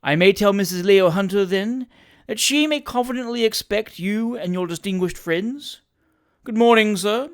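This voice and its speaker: Leo Hunter, a grave and pompous gentleman, gushing with formal courtesy, as a reader puts him on. Higher and more insistent than a plain narrating voice, in a storybook reading. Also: moderate pace, natural voice. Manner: formal, effusive, repeats sir. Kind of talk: audiobook character reading.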